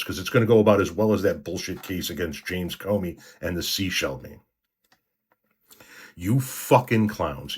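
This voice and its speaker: A man's voice: deep voice, slightly rough. A man giving blunt, scornful political commentary, cursing at his opponents. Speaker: commentary vlogger. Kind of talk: angry profane rant.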